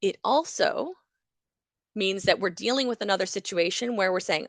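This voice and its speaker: A woman who is a university psychology lecturer, explaining everyday speech errors in a lively way and acting out examples. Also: medium pitch, moderate pace, no room sound. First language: English.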